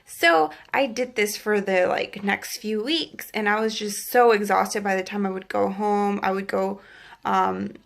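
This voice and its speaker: A woman's voice: mid-range voice, steady tone, measured pace, gravelly. A young woman telling a personal faith testimony in a chatty vlog, full of "like" and acted-out quotes. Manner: chatty, fillers of "like", acts out quotes. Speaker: vlogger. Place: Los Angeles area.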